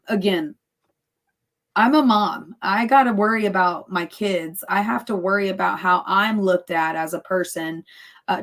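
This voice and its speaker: Chatty woman in her thirties. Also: lowish voice. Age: 30s. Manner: chatty, laughs often, acts out what others said. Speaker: podcast guest, fighter and cake baker. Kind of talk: casual podcast chat.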